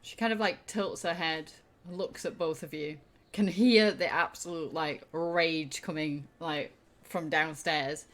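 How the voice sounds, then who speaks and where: A woman's voice: sits low, steady tone, measured pace, fairly bright tone. A woman narrating as game master of a tabletop game, casual and full of fillers.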